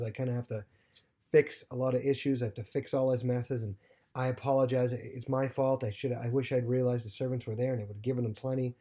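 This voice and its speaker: A man giving a casual Bible lesson, retelling the passage in his own loose words with plenty of fillers and restarts. His voice sits at a middling pitch with a dark, mellow tone. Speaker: teacher.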